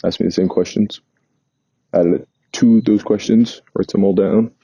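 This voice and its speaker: A man's voice: low-pitched, steady tone, moderate pace, gravelly, warm tone, husky, no room sound. A man from New York casually telling a meandering travel story, often stopping to correct himself. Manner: meandering, self-correcting, chatty. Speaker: vlogger. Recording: dull lo-fi sound.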